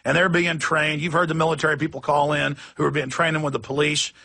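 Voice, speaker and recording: Gravelly ranting radio host man. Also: fairly high pitch, level tone, fast, bright, forceful tone. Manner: ranting, emphatic, acts out quoted voices. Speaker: radio talk show host. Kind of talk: impassioned radio monologue.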